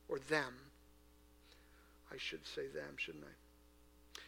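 A man preaching a sermon to a church congregation, earnest and full of rhetorical questions, moving between hushed asides and loud, emphatic passages. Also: on the high side, little pitch movement, extremely slow, creaky, pauses often, breathy edge. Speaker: pastor.

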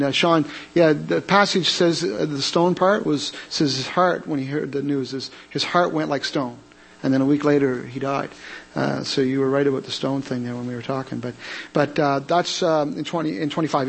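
A man teaching a Bible study in a conversational way, reading scripture aloud and then commenting on it, with many fillers and restarts. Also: poor audio. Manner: rises in pitch and volume for emphasis.

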